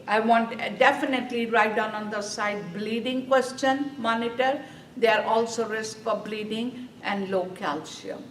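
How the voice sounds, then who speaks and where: A slow-spoken woman, lecturing a nursing review class. She keeps asking her students questions and answering them herself, pressing each point home. She is recorded from across an echoey classroom, with faint room noise behind her. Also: fairly high pitch, recorded from a distance. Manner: quizzing students with repeated questions, slow and emphatic. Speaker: nursing exam instructor.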